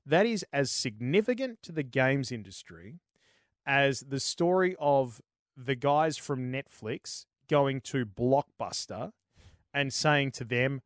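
A man's voice: medium pitch, lively intonation, slow, no room sound, clean studio sound. An Australian man hosting a casual gaming podcast, rambling and swearing freely. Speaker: podcast host.

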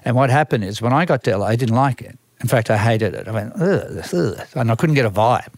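A man's voice: medium pitch, fast talker, a little mellow, no echo. An older Australian man who manages a band, telling long rambling stories from his career in a casual interview, full of restarts and acted-out quotes.

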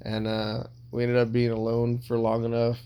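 A man shares confessional stories in a casual podcast chat, rambling, blunt and swearing constantly. He speaks at a moderate pace in a smooth, dark, mid-range voice with an utterly flat delivery.

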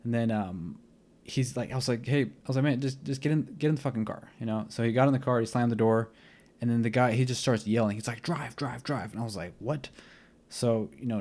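A man's voice: mid-range voice, a little mellow. A young man hosting a podcast, telling a rambling story in a casual way, full of fillers, who acts out the lines of everyone in it. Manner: rambling, filler-heavy, retells scenes with quoted dialogue. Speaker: podcast host.

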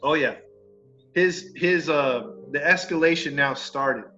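A man's voice: a little high, slow. A man hosting a podcast, telling a true crime story in a casual, slangy way. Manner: animated, slangy, acts out quotes. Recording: dull lo-fi sound with faint music.

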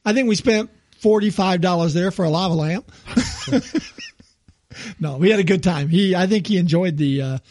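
An older man co-hosting a podcast, chatting casually, laughing often and clearing his throat a lot. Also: high-pitched, lively intonation, moderate pace, pauses often, a little mellow. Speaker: podcast co-host. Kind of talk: casual chat.

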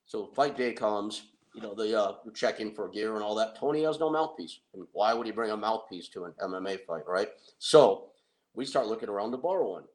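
A middle-aged man telling an anecdote in a casual, excitable way, with restarts. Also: fairly low pitch, brisk, poor audio. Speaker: guest storyteller. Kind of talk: casual anecdote on a talk show.

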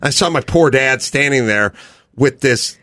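A man's voice: mid-range voice, unhurried, no room sound, studio quality. A man hosting a podcast, telling stories in casual chat. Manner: animated storytelling. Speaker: podcast host.

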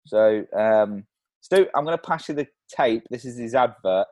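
A man's voice: medium pitch, lively intonation, normal speed, darkish tone, no room sound. A man co-hosting a comedy podcast, bantering, laughing often and swearing casually. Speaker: podcast co-host.

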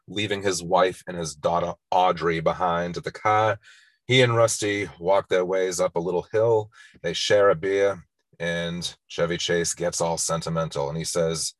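Man, very low voice, casual countdown host, wry, sarcastic, dry close sound. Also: fairly even intonation, moderate pace, dry recording. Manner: wry, sarcastic, laughs often. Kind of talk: casual movie countdown commentary.

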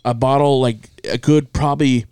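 A man's voice: medium pitch, fairly even intonation, moderate pace, clean tone, no echo, clean studio sound. A man telling stories from his family in casual, swearing chat, often acting out what people said. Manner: profane, storytelling, acts out quotes loudly.

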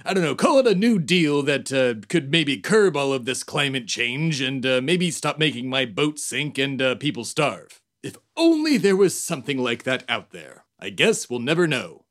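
A man's voice: medium pitch, big pitch swings, normal speed, hardly any pauses, a bit bright, dry recording, clean studio sound. A man hosting a satirical comedy podcast, delivering a pompous, over-the-top patriotic monologue in character.

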